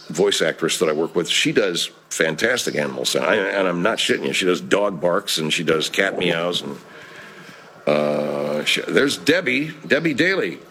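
A deep, slightly bright male voice belongs to a live-chat host who is profane, rambling and laid-back. He chats casually on a live stream while reading out comments.

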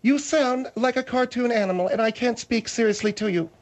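A man's voice: very high-pitched, a little fast, pitched above the performer's own voice. A man voicing an exasperated, mocking male radio sidekick.

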